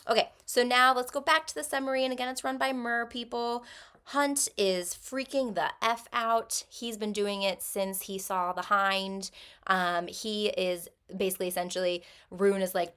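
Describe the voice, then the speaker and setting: A woman's voice: medium pitch, steady tone, moderate pace, pushed and bright, clean tone. A woman casually recapping a book plot in a chatty way, with many ums and likes. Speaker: book vlogger.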